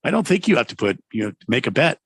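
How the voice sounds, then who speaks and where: A man co-hosting sports talk radio, rambling and hesitating with many pauses. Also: medium pitch, big pitch swings, gravelly, fairly bright tone, husky, no room sound, clean studio sound. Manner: rambling, hesitant, full of uh's. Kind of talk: casual sports talk banter.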